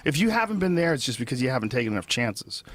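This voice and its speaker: A man's voice: mid-range voice, racing. A middle-aged man hosting a podcast, talking casually with comedian friends. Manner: relaxed, swears casually. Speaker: podcast host. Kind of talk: casual chat.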